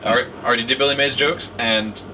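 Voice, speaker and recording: A man chatting casually on a charity stream, rambling and animated, laughing often. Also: medium pitch, brisk, recorded from a distance, background noise. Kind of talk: casual chat.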